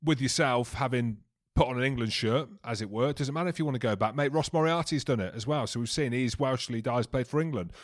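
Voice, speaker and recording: Fast-talking bantering male host. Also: medium pitch. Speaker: podcast co-host. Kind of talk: casual podcast chat.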